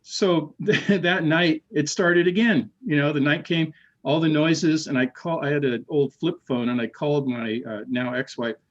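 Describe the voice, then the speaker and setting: A middle-aged man, a podcast guest, telling a ghost story in casual chat, animated and repeating words as he acts out the voices he quotes. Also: on the high side, moderate pace, lo-fi sound.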